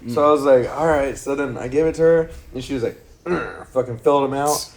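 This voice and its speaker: A man's voice: medium pitch, fast talker, a little mellow. A young man casually telling a long, rambling story to friends on a podcast, acting out quotes and swearing freely. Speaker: podcast co-host.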